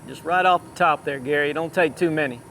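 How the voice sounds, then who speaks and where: Male cutting horse trainer, high voice, barking repeated short cues at a rider outdoors, faint traffic behind. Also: brisk, pushed and bright. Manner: calls out short repeated commands. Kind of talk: live riding coaching. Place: outdoor riding arena.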